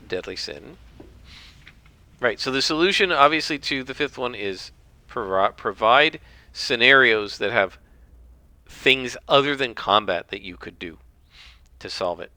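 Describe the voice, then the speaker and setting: Opinionated male podcast host, bright cutting tone, dry sound. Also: medium pitch, animated, a little slow, pauses often, no room sound. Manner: rambling, opinionated. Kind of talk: casual solo commentary.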